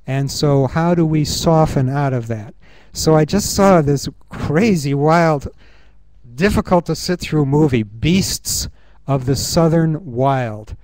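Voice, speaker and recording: A man's voice: fairly high pitch, darkish tone, no room sound. Earnest man giving a talk. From United States. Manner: earnest, musing, thinks aloud with pauses and fillers. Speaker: conference speaker. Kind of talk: reflective conference talk. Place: university conference room.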